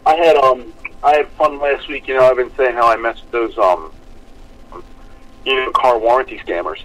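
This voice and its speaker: A man chatting on a podcast with an ordinary middle pitch. He tells his stories with gusto and keeps breaking into laughter at his own jokes. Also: normal speed, low-quality recording. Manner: animated, laughing storyteller. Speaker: podcast co-host. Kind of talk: casual chat.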